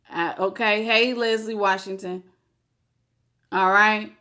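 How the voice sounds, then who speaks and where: A woman giving a live tarot reading in a casual, animated, slangy way, laughing often and greeting her viewers. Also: mid-range voice, extremely slow. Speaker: tarot reader.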